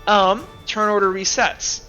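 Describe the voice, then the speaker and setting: Brief: a high, bright-voiced man running a tabletop game, slightly dull recording. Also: steady tone, a little slow, faint music behind. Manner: rambling, full of fillers. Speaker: game master.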